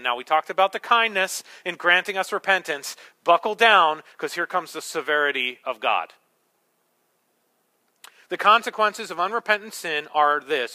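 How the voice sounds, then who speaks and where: A man preaching a sermon as pastor, swinging between hushed, slow words and loud, emphatic ones. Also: fairly high pitch.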